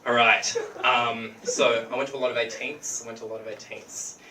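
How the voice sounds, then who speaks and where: An Australian man performing a stand-up comedy set, telling stories in an animated way and slipping into quick character voices. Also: medium pitch, a little hiss or hum. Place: comedy venue with a live audience. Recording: roomy, distant mic with loud audience laughter.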